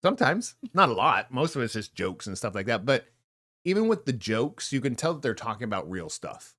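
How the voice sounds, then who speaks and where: A middle-aged man co-hosts a casual podcast, rambling, joking and often trailing off mid-thought. His medium-pitched, slightly bright voice is very animated and brisk, recorded with studio quality and no echo.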